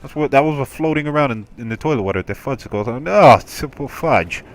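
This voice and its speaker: A man telling a rambling story in casual gameplay commentary, animated and full of restarts. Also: mid-range voice, racing.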